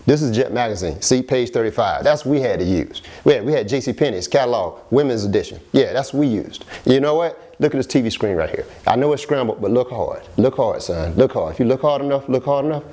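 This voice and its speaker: A man's voice: medium pitch, expressive, fast talker, few pauses, warm tone. A man doing stand-up in an ordinary mid-range voice. He brings his stories to life by putting on the voices of the other people in them. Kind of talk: stand-up comedy set.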